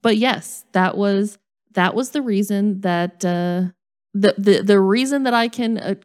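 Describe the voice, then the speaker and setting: Woman co-host, average pitch, relaxed storyteller who teases herself. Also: measured pace. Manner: animated, self-mocking storyteller. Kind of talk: casual storytelling chat.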